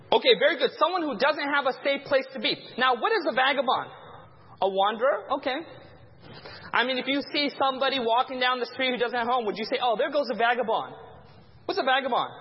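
A man with a very high voice leads an interactive Bible teaching and keeps pausing for listeners to fill in the blanks. His voice carries a long hall reverb, and the recording sounds dull and muffled. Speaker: pastor teaching a Bible class.

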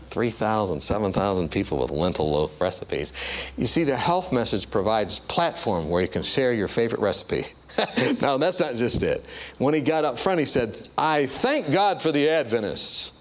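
Man preaching, low voice that swings way up and down, tells stories and does everybody's voices. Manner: animated storyteller, acts out voices with big pitch jumps. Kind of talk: storytelling sermon.

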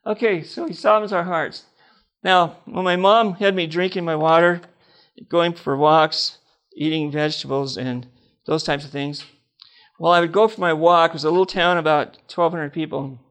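A man's voice: fairly high pitch, fairly even intonation, normal speed, a bit bright. An older man preaching a personal testimony, telling stories with laughter and acting out the dialogue.

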